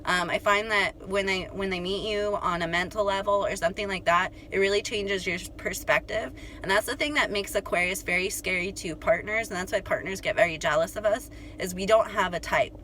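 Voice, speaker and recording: A woman's voice: medium pitch, fairly quick, few pauses, slight background noise. Chatty young woman vlogging to viewers. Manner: chatty, animated, full of "like" and "you guys". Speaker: astrology channel host. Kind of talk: casual storytelling to viewers.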